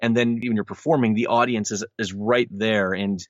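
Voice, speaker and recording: A man in his thirties with a lowish voice talks earnestly about his work, circling back and restarting his sentences. The sound is dry and a little dull, like a lo-fi recording. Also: fairly even intonation, normal speed, no echo. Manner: earnest, rambling with frequent restarts. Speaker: audiobook narrator guest. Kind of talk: casual interview chat.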